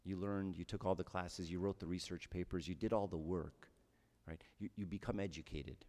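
A man's voice: low voice, fairly even intonation, normal speed, mellow, long reverb tail. A man giving a conversational homily as a priest, often checking in with his listeners with "right?".

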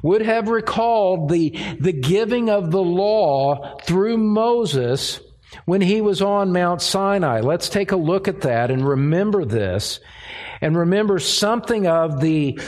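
A man preaching an expository sermon, speaking deliberately and repeating words as he finds his phrasing. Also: high-pitched, expressive, a little mellow. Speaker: pastor.

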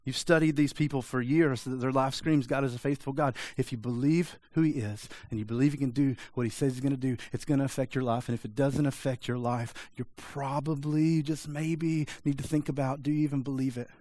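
A man's voice: mid-range voice, fairly even intonation, a little fast, few pauses, mellow, no echo. A man preaching a sermon, pressing his listeners with repeated rhetorical questions in a direct, urgent manner. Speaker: pastor.

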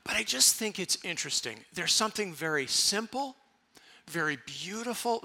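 A man's voice: high voice, bright, forceful tone. A man preaching a conversational sermon in a church, leading the congregation in repeating phrases. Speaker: pastor. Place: church sanctuary.

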